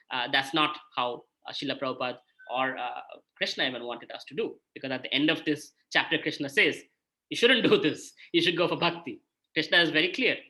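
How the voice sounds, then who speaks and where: A man gives a conversational talk on scripture as a spiritual mentor. His voice is bright and forward. He speaks casually and often checks in with his listeners. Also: mid-range voice. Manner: conversational, frequent "right?" check-ins.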